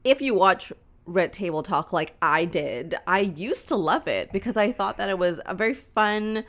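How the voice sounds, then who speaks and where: A woman in her thirties co-hosting a podcast in casual chat, talkative and quick to laugh. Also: medium pitch, animated, a bit bright. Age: 30s. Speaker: podcast co-host.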